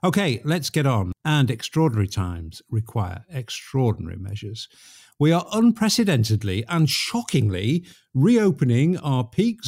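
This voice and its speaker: A man's voice: mid-range voice, creaky, a little mellow, no echo, studio quality. A man hosting a podcast from home in a jovial, wry casual chat. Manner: jovial, wry, apologetic asides. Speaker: podcast host. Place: home, in lockdown.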